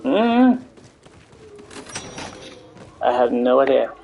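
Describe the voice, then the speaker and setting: A man's voice: mid-range voice, sing-song, extremely slow, narrow, tinny audio, soft background music. A man streaming a game live, chatting casually and rambling to his viewers and friends. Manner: rambling, talks to chat and friends. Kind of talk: casual gaming stream chat.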